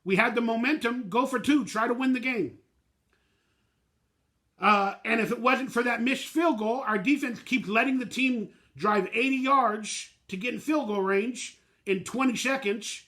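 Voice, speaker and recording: A man with a high-pitched voice and a bright, sharp edge rants through a postgame reaction on his fan channel. He talks bluntly and emotionally in plain, slangy words. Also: measured pace.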